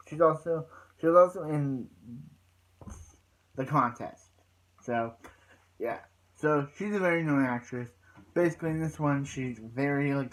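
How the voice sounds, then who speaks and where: A man's voice: mid-range voice, poor audio. A man recapping a TV episode in a loose, rambling way, stumbling over restarts and repeating "so yeah" between points. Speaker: TV episode reviewer.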